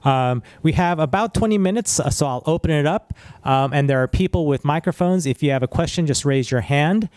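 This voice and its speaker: A man's voice: a little high, a little fast, darkish tone, no room sound. A man moderating a panel, organized and direct, with frequent fillers.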